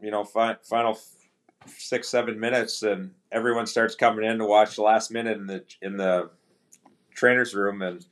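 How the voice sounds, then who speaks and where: Low-voiced man telling a hockey story. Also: moderate pace. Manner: relaxed anecdotal, quotes teammates in dialogue; frequent restarts and fillers. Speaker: podcast guest, pro hockey player. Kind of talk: casual storytelling.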